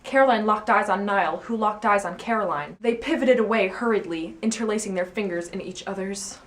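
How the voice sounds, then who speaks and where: A woman's voice: mid-range voice, brisk. Teen girl reading silly fan fiction, mock-dramatic and giggly.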